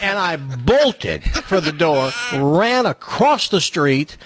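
A man's voice: on the high side, takes it slowly, slight background noise. An older man telling a story in casual chat, acting out the voices of the people in it. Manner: animated, acts out voices in his anecdotes. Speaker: show regular telling a story.

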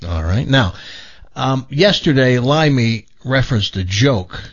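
A man hosting a radio show in easy on-air chat, excitable, with a lot of stumbling restarts. His voice is husky and bounces around in pitch. The studio sound is dull and lo-fi. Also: a little slow.

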